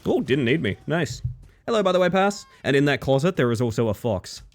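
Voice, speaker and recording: A man's voice: medium pitch, sing-song, a little fast, faint music behind. A man live-streaming a game, chatting casually and dryly to his viewers with self-mocking asides. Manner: dry, self-mocking, talks to chat.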